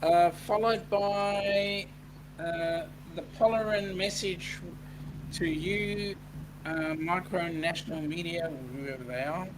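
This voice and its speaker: An Australian man co-hosting a live stream, greeting chat viewers in a relaxed, chatty way with lots of fillers. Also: sits high, slow pace. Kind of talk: casual online chat. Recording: buzzing mic with background noise.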